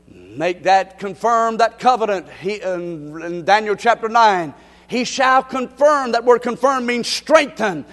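High-voiced preacher in a reverberant hall. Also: male voice, animated, moderate pace. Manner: emphatic preaching, rising to shouts, repeats phrases. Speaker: pastor. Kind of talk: sermon. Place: church sanctuary.

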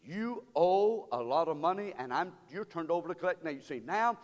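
A man voicing a prankster man disguising himself as a stern, threatening debt collector, in a low voice. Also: lively intonation, brisk, big-room sound, lightly acted. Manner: stiff, official, threatening.

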